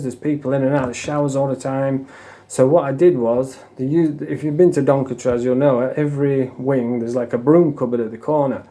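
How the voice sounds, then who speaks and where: A man tells stories in a loose, casual way, swearing freely and breaking into a laugh now and then. His voice sits at a middle pitch with a mellow, dark tone. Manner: blunt, heavy swearing, laughs while telling. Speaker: storyteller. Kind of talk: casual storytelling.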